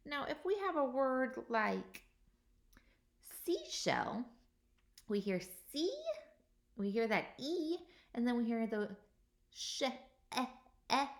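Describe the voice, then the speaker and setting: A woman teacher gives young children a recorded workbook lesson, slowly and patiently sounding out each vowel. Her medium-pitched voice is creaky and a bit bright.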